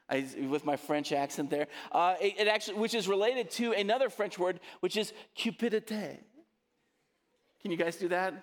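Guy pastor preaching, kinda high voice, chatty, keeps asking the crowd to talk back, big echoey church. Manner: conversational, asks the congregation to respond. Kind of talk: sermon.

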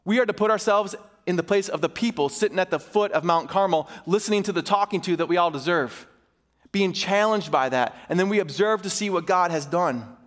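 A man preaching with fervent, emphatic urgency, his high voice carrying through a church sanctuary. Long reverb trails every phrase. He presses hard, then slows to drive points home. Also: a bit bright. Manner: impassioned, swings between urgent and slow, emphatic delivery. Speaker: pastor. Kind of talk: sermon. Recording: reverberant hall.

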